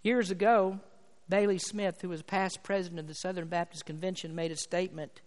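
A man's voice: sits high, steady tone, a little fast. A man preaching a sermon as pastor, emphatic and building to fervent peaks. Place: church sanctuary. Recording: long hall reverb from church sanctuary.

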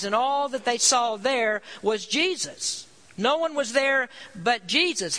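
A man's voice: extremely high pitch, sharp tone, low-quality recording. A man preaching a sermon, earnest, reading scripture aloud and stressing key points.

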